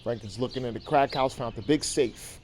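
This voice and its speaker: A man's voice: mid-range voice, moderate pace, a little mellow, slight background noise. A man hosting a show, casually recapping a series in a rambling, profane way with lots of ums and repeated words.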